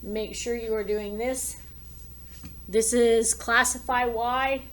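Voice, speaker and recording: Slow, careful woman teacher. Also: on the high side, steady tone. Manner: talks while drawing and working problems aloud. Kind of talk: recorded math lesson.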